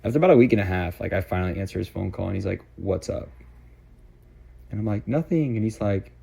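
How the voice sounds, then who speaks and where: Gravelly young man, quick casual storytelling. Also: sits low, fairly even intonation, warm tone. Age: 20s. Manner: fast, filler-heavy, lots of "like". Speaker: vlogger.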